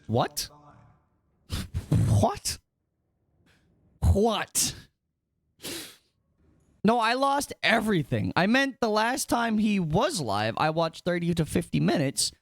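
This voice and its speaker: A young man streaming a game live, chatting to his viewers in a rambling, excitable, self-mocking way. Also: sits high, takes it slowly, pauses often, no echo, clean studio sound. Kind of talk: casual gaming livestream chat.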